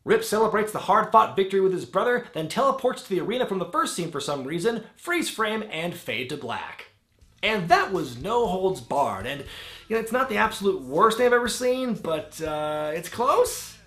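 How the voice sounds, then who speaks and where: Man, comedic movie review, sarcastic, bursts into shouts, lively pitch, roomy echo. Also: moderate pace. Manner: sarcastic, with sudden shouted outbursts. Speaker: wrestling film reviewer.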